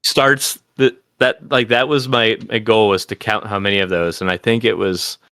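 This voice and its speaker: A man talks casually as a podcast co-host in an easygoing way, trailing through fillers as he recalls moments. His voice is on the low side, and the recording is dry with no room sound. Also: normal speed, clean tone, no room sound. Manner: relaxed, recounts moments with filler words. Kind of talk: casual chat.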